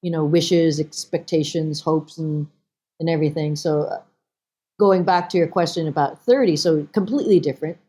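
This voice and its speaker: Her voice is low and husky, and she speaks at a moderate pace. She's an actress appearing as a podcast guest, relaxed in conversation, spinning lively anecdotes and performing snippets of dialogue.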